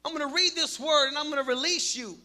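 High-voiced preacher man, shouting in a hall. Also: fast. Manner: shouting and rising in bursts, then quiet prayer. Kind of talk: sermon. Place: church hall. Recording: long hall reverb with music behind.

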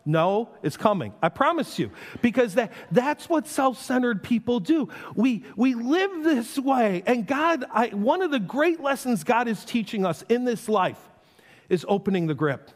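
Male pastor, sermon, high lively voice, animated delivery, long hall reverb. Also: measured pace. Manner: animated preaching with playful quoted voices.

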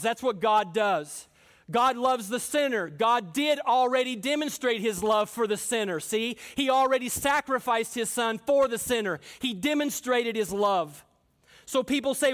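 A male pastor with a strikingly high voice delivers a fervent sermon. He preaches with emphasis and keeps turning to address his listeners directly. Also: moderate pace, a bit bright.

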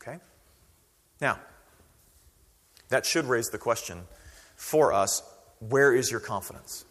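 A man preaching a sermon as pastor, conversational and animated, acting out quoted voices. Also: mid-range voice, takes it slowly, in a large hall.

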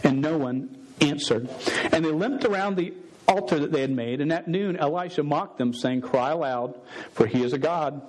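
A man's voice: medium pitch, darkish tone, poor audio. A man preaching a sermon, casual and sarcastic, often stumbling over words. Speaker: pastor.

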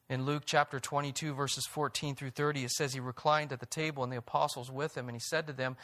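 A man preaching a sermon, reading scripture aloud and rising in pitch and volume on emphatic points. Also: steady tone, a little fast, hardly any pauses, pushed and bright. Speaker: pastor.

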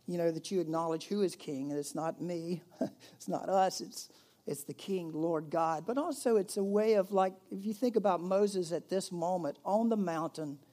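Male pastor, mellow tone, conversational sermon with loud peaks and soft drops. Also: sits high. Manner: conversational, with emphatic rises and hushed drops.

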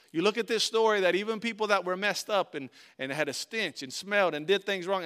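Reading scripture aloud and commenting on it, a pastor delivers a sermon that moves between loud emphasis and quiet, hushed passages. His male voice is smooth and a little high.

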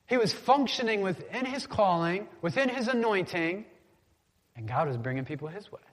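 In a large hall, a male pastor gives a relaxed, conversational sermon, frequently asking the congregation to say words back to him. His voice is high-pitched and expressive, moving at a moderate pace.

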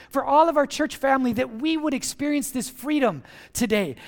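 A man preaching with a strikingly high voice and lots of energy. He punches key words and leads the congregation in call-and-response, counting them in. It sounds like a pastor rallying his church family. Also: fairly bright tone. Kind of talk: sermon.

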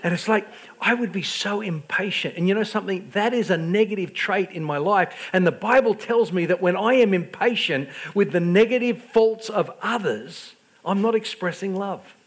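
A middle-aged man preaching a sermon, telling self-deprecating stories with stammered restarts and swinging between loud outbursts and quiet asides. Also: high-pitched, moderate pace, few pauses. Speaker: pastor.

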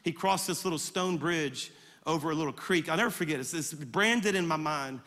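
A male pastor preaching a sermon, telling a story in an animated, emphatic way with quick repetitions. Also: fairly high pitch, big-room sound. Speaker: guest pastor.

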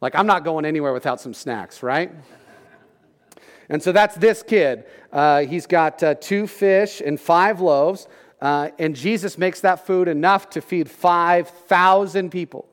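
A man preaching a casual, conversational sermon as pastor, with joking asides and quick bits of acted-out crowd talk. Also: fairly high pitch. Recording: long hall reverb.

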